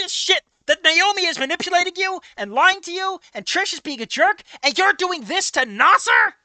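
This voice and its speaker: Woman, high lively voice, exasperated reaction commentator who swears, yells and mutters. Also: brisk, hardly any pauses, dry recording. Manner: laughs often, trails into low mutters. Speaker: fanfic reader and commentator.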